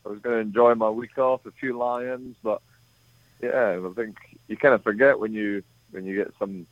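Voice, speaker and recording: Brief: British man, part Kiwi accent, deep voice, dry tinny phone line, chatty and rambling. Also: fairly even intonation, moderate pace, no room sound. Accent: partly New Zealand. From Britain. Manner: chatty, rambling, many fillers. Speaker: guest cyclist. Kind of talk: casual phone interview.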